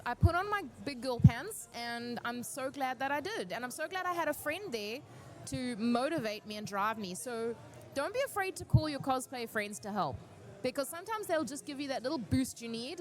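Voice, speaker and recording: Animated, slightly high-voiced woman giving advice. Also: fairly quick, slight background noise. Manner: animated storyteller, earnest and encouraging. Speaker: cosplay panel speaker.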